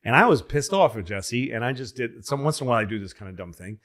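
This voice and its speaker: Animated storytelling man on a podcast. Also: medium pitch, quick pace. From Massachusetts, USA. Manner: animated storyteller, acts out quoted voices loudly. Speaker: podcast host. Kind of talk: casual storytelling chat.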